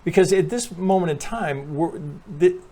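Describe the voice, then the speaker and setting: A man's voice: high voice, animated, moderate pace, dark tone. A man hosting his own trading channel, walking viewers through charts in a rambling, casual monologue full of curses, restarts and "right?", now and then coughing from allergies. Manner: rambling, profane, self-correcting, talks to viewers with frequent "right?".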